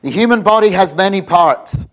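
A man's voice: high voice, normal speed. A man giving an informal, jokey sermon, rambling with many restarts. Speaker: visiting preacher.

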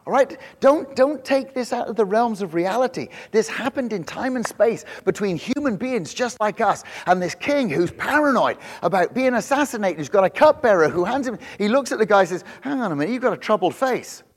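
A middle-aged male pastor preaching a sermon in church, telling the story with lively acted-out quotes and frequent restarts. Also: high voice, a little fast, hardly any pauses. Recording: long hall reverb.

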